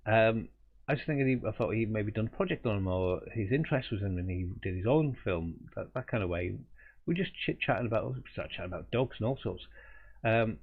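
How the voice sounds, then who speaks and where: His voice is fairly low, husky, and expressive, and he talks a little fast. This middle-aged man, an artist running a live drawing stream, spins a loose, meandering story full of chuckles and false starts, heard through tinny, phone-like audio.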